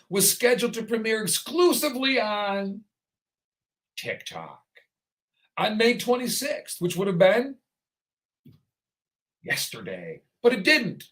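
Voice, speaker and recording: A man's voice: sits high, sing-song, takes it slowly, long pauses, pushed and bright. A man hosting a talk show, ranting through his commentary in a sarcastic way.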